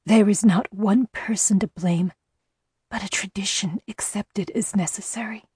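A woman voicing a frail, dying female oracle in a soft, strained, airy whisper, slow and solemn. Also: mid-range voice, fairly even intonation, husky, no echo, studio quality. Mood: weak solemn. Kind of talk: audiobook narration.

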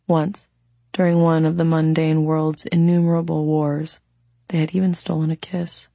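A woman narrates a novel in a calm, reflective audiobook reading. Her voice is low, dark and gravelly with a husky edge, recorded dry and close. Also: moderate pace, dry recording. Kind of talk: scripted narration.

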